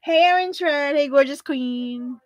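A woman hosting a casual livestream, chatting with viewers in a bubbly, giggly way. Her voice sits high and sounds close and dry, with no room around it. She greets everyone warmly as queens. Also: unhurried, no room sound. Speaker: livestream host. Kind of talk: casual livestream chat, reading comments.

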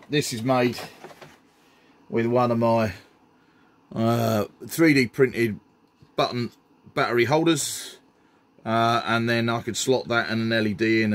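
A middle-aged man, chatting enthusiastically while showing off his hobby builds, with frequent ums. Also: on the low side. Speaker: scenery builder. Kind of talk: casual hobby show-and-tell.

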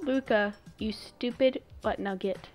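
A young woman streamer reacting dramatically to a game as she plays, scolding her teammates and shouting out. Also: mid-range voice, unhurried, soft background music. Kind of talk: live game commentary.

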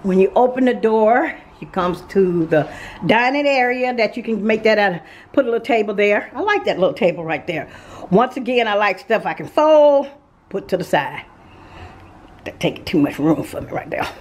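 A Southern woman from Mississippi vlogs a chatty tour of a show manufactured home, speaking right to her viewers and laughing often. Her mid-range voice is expressive and moderately paced, with a little hiss or hum. She films on a handheld phone camera, later switching to a small tripod.

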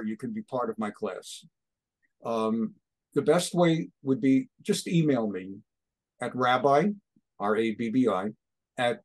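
A man, a rabbi speaking as a guest on an interview show, fiery and ranting, often rising to near shouts. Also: medium pitch. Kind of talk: impassioned talk show interview.

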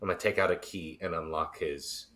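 Give me a low, bright-toned man playing a tabletop game with theatrical flair. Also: steady tone, fairly quick. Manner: theatrical, declares actions. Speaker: player.

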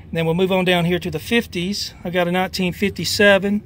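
A man's voice: high-pitched, level tone, quick pace, a bit bright. A man chatting folksily while metal detecting outdoors, winded and overheated, with lots of fillers. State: out of breath and overheated. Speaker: metal detecting vlogger and preacher. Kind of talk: casual outdoor vlog narration. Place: outdoors in a church back lot. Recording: faint outdoor background noise.

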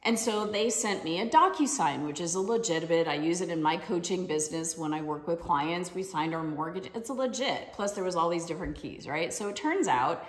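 A woman's voice: on the low side, animated, a little fast, few pauses. A woman life coach giving a motivational talk, telling personal stories in a conversational way and often checking in with tag questions. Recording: roomy with long reverb.

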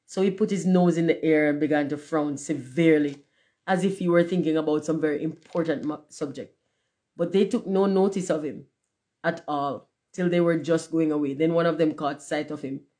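A storyteller gives a storybook read-aloud in a steady, measured voice. The narration keeps an even storytelling pace between the characters' lines. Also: medium pitch.

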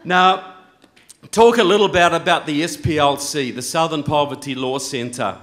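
A man speaking at a conference, delivering a speech with sarcastic mock-indignation and deadpan complaint. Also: a little high, normal speed.

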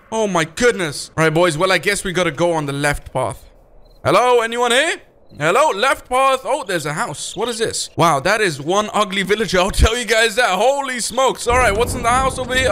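A young man hosting a gaming video, giving excitable, jumpy gameplay commentary and talking to his viewers. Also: sits high, slight background noise.

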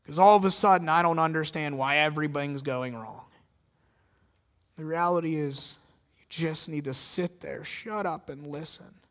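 A man preaching a sermon as pastor, emphatic, swinging between loud stress and quiet intensity. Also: fairly high pitch, moderate pace.

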